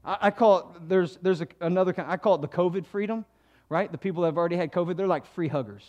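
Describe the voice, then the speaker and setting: Pastor, male, high voice, animated delivery with sudden loud climbs. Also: quick pace. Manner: animated preaching, swinging between low asides and loud emphatic passages. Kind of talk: sermon. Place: church.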